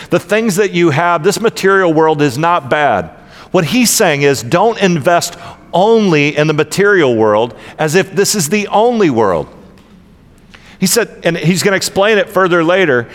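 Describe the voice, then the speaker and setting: Chatty pastor with a higher voice. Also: male voice, a bit bright. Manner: casual, joking, conversational. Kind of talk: sermon. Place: church sanctuary. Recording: long hall reverb.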